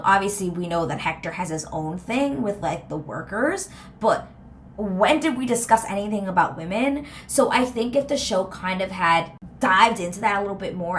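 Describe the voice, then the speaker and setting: A young woman talking casually to camera as a TV reaction vlogger, animated and exasperated, filling her speech with "like" and "girl". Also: fairly low pitch, slight background noise.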